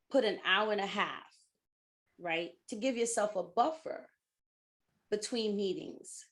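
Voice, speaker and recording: A woman's voice: mid-range voice, animated, takes it slowly, pauses often. A middle-aged woman hosting a coaching talk, casually giving advice, acting out inner voices and laughing often. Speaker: life coach and podcast host.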